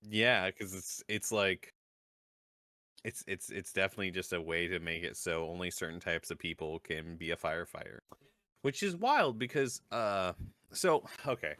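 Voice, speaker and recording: A man's voice: deep voice, expressive, normal speed, bright, forceful tone, no echo, clean studio sound. A man co-hosting a casual podcast, talking in a hesitant, stammering way as he sympathizes and muses. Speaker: podcast co-host.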